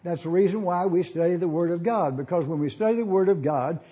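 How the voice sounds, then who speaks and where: A man's voice: sits high, fast talker, warm tone, slightly rough, dull audio. A man preaching a sermon in an auditorium, teaching and asking listeners to follow along in their Bibles.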